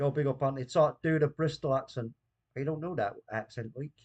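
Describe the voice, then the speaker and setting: A man's voice: mid-range voice, brisk, a little mellow, muffled recording. Bantering man hosting a live stream. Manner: bantering, reads chat aloud, laughs often. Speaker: watchalong host. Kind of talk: casual live-stream chat.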